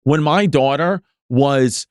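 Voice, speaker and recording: A man's voice: medium pitch, slow, dry recording, studio quality. A man in his thirties, a podcast guest telling a long story in casual chat, restarting often and filling with "like". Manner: rambling storyteller with many restarts and "like"s.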